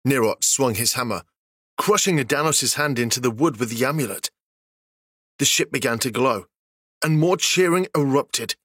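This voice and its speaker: A man narrating a fantasy story as an audiobook, steady and even. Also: mid-range voice, normal speed, husky, no room sound, studio quality.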